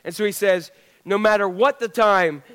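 A man's voice: high-pitched, moderate pace, fairly bright tone. A male pastor preaching a sermon in a conversational way, putting questions to the congregation.

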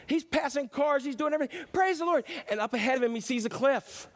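Pastor guy preaching, highish voice, tells jokes and does the voices. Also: a little fast. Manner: animated storyteller, voices characters. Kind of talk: sermon with joke telling.

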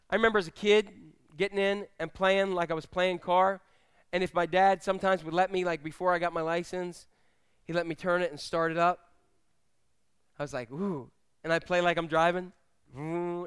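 A man's voice: high voice, flat delivery, brisk, a bit bright, clear, resonant tone. A male pastor preaching a sermon at a church service, telling stories animatedly and acting out the voices of the people he quotes.

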